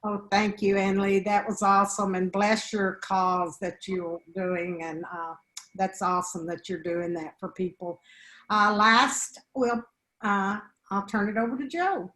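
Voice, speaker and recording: A woman's voice: medium pitch, fairly even intonation, unhurried, a bit bright, echoey room, low-quality recording. A woman co-hosting a live online show, handing over to speakers with enthusiastic, gushing praise. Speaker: co-host.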